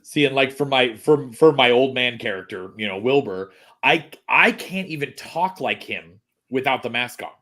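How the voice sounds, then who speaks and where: A male podcast host with an ordinary middle-pitched voice. He chats casually and keeps the talk going with frequent agreement. He reads listener questions in a relaxed, conversational way. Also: moderate pace, hardly any pauses. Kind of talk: casual chat.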